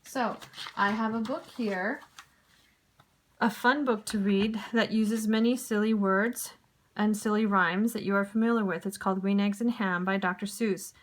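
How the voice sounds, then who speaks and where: A woman teacher giving a recorded lesson to young pupils, speaking clearly and deliberately. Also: mid-range voice, steady tone.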